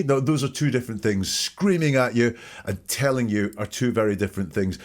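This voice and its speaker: A man's voice: medium pitch, a little fast. Man breaking down wording, methodical. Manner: methodical, picks apart wording. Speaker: podcast host. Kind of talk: analytical commentary.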